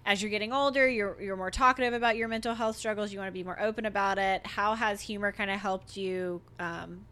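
A woman's voice: mid-range voice, steady tone, fairly quick, few pauses, bright, forceful tone. A woman hosting a podcast in a casual, chatty interview, laughing often and using many fillers. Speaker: podcast host.

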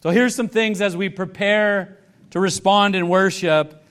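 A man's voice: high-pitched, fairly even intonation, unhurried, fairly bright tone, clean tone. A male pastor preaching a sermon earnestly, building emphasis with repeated questions to the congregation.

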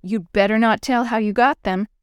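A woman's voice: fairly high pitch, normal speed, clean tone, dry recording, studio quality, close to an everyday voice. A woman voicing a sly, pushy schoolboy ringleader in a storybook reading. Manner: coaxing, pushy.

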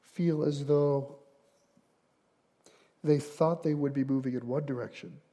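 A man preaching a sermon as pastor, earnest and repeating phrases for emphasis, rising to louder passages and falling quiet for prayer. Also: a little high, steady tone, unhurried.

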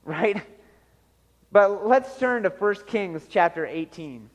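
Animated preaching man in a reverberant hall. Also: high-pitched, slow pace, pauses often, dull audio. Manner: animated storytelling, acts out voices, laughs often. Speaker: pastor. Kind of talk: sermon.

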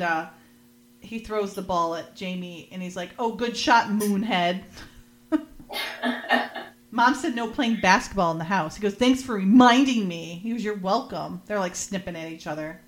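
A woman with a medium-pitched, slightly bright voice hosts a podcast, casually recapping a TV episode. She retells scenes in casual chat, quoting characters in lightly acted lines and laughing often.

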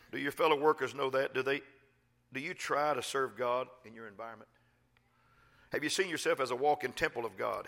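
A man preaching a sermon, folksy and emphatic, rising to loud exhortations and dropping to quiet asides. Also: fairly high pitch. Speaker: pastor.

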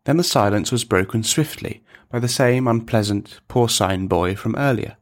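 A man narrating a dark comic story in a measured, deliberate, deadpan manner. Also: medium pitch.

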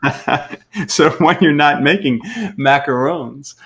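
A man hosting an interview, chatty and quick to laugh, reacting warmly to his guest's answers. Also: on the high side, vocal fry, a crowd in the background. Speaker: podcast interviewer. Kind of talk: casual interview.

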